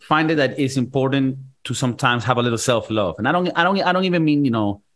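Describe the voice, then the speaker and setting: A man's voice: mid-range voice, fast talker, a bit bright. A man hosting a casual podcast, swearing freely and joking around with his friends. He has a mid-range voice and a loose, rambling way of talking. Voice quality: loose, profane, jokey delivery. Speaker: podcast host. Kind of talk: casual crude podcast banter.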